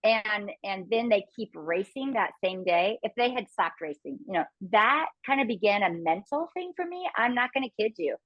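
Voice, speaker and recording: A woman in her fifties tells her stories with frequent laughter, and she slips into little acted-out quotes. Her voice sits at an ordinary middle pitch. It is recorded close and dry, with no room sound. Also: normal speed, few pauses, no room sound, dull audio. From Phoenix, USA. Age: 50s. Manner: laughs often, animated storytelling with acted quotes. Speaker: reality show contestant, guest. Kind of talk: casual interview chat.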